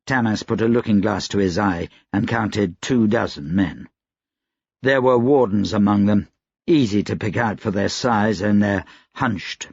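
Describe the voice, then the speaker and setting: A man reading a fantasy novel aloud in a measured, even narration. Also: fairly low pitch, husky, no room sound. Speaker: audiobook narrator. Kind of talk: scripted narration. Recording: dry, slightly dull recording.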